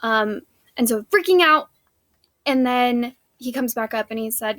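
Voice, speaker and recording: A woman's voice: fairly high pitch, lively intonation, measured pace, a bit bright, no room sound. A woman teacher, recapping a play scene for her students in a casual, chatty way with many fillers.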